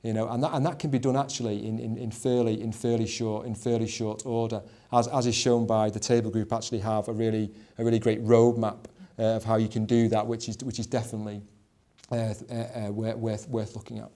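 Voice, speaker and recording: Halting, mellow-voiced man explaining leadership. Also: on the low side, level tone. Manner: halting, repeats words and fills with "you know". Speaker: executive director of a schools trust.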